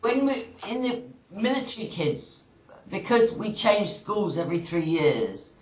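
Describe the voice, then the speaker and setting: A woman talking on a video call, telling a story in an animated, insistent way. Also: mid-range voice, unhurried. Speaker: call participant. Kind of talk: casual conversation. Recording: echoey, dull call audio with faint background noise.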